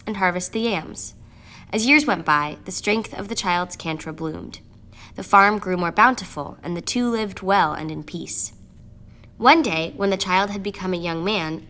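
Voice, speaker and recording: A woman telling a dark fable as a storyteller, in measured, steady scripted narration. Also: fairly low pitch. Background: music.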